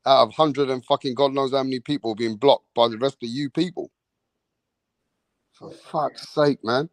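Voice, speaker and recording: A man's voice: medium pitch, moderate pace, dry recording. A man, hosting a live online show, ranting in an exasperated, profane way and repeating "bro" and "man". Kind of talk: heated live-stream rant.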